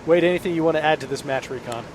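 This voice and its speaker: A man's voice: fairly high pitch, racing. Chatty man podcasting from a moving truck. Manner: chatty storyteller, loose with fillers. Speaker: podcast co-host. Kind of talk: casual chat. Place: inside a truck on the road in freezing rain. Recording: noisy car interior.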